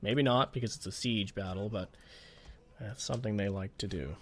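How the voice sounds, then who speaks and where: Low-voiced man commenting on gameplay. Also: normal speed, fairly bright tone. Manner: thinking aloud, grows exasperated and swears at the game. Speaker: gaming channel host. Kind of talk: let's play commentary.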